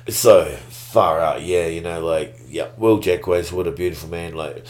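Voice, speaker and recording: A man, telling a story in a relaxed, slangy way. He keeps it loose and casual, with sudden bursts of excitement. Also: deep voice, moderate pace. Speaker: guest.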